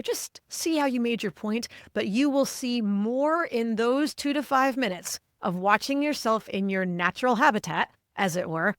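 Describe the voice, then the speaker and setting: A woman's voice: medium pitch, no room sound, clean studio sound. A middle-aged woman speaking as an executive coach in a podcast interview, articulate and emphatic. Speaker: guest, cognitive linguist and executive coach.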